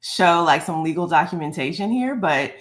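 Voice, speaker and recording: Low-voiced woman giving wry commentary. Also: animated, moderate pace. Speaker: guest commentator. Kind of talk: casual reaction commentary.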